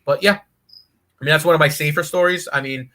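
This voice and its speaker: A man guesting on a podcast, telling a profane, animated road story and laughing as he goes. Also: fairly high pitch, a little fast, a loud crowd. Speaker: guest wrestler. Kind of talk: casual storytelling.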